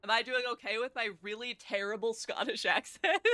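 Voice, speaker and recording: Woman, game streamer, casual chatty commentary, bright voice, fairly high pitch. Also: lively intonation, a little slow, no echo, studio quality. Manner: chatty, laughs at herself, greets chat. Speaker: VTuber streamer. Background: faint game music.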